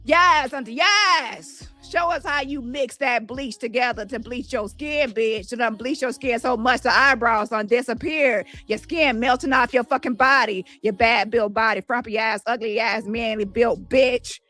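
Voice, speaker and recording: Speaking at normal speed with few pauses, a woman on a phone-recorded livestream delivers a profane, mocking rant taunting someone she's calling out. Her voice is fairly high and a bit bright, with soft music in the background.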